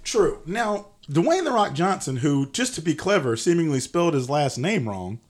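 A young man co-hosting a comedic podcast, animated and mock-incredulous, who swears and laughs mid-sentence. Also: a little high, normal speed. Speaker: podcast co-host.

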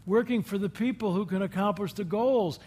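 High-voiced man telling folksy stories. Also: brisk, a little mellow. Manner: folksy, asks the audience questions. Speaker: guest speaker addressing a group. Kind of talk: inspirational talk with anecdotes.

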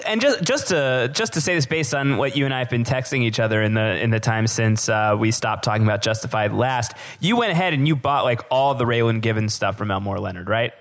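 A man co-hosting a podcast, musing at length with many pauses and restarts, laughing easily. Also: medium pitch, a bit bright. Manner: hesitant, lots of fillers and restarts, laughs easily. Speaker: podcast co-host. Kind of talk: casual podcast chat.

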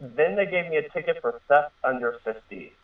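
A man's voice: a little high, lively intonation, normal speed. A man in his thirties telling a personal story in a casual, earnest way, rambling with fillers and restarts. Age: 30s. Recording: tinny distant phone-line radio sound.

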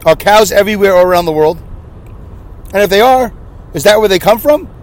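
A man's voice: sits high, lively intonation, a little fast. A man in his sixties with a New York accent, hosting a solo podcast in a jokey, self-deprecating, rambling way. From Brooklyn, New York. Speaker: podcast host.

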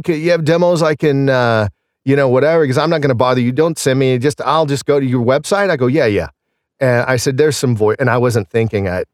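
Lowish guy rambling on a podcast about his voice gigs, laughs at himself, dry mic. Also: a little mellow, no room sound. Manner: rambling, self-deprecating storyteller. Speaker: guest singer and voice actor. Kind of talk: casual podcast chat.

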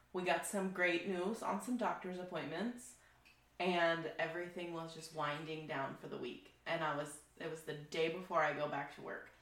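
A woman with a lowish voice co-hosts a casual podcast chat, telling stories freely and swearing as she goes. Her voice rings in a roomy, echoey space. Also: fairly bright tone. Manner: storytelling, swearing freely, laughing. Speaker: podcast co-host. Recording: roomy echo.

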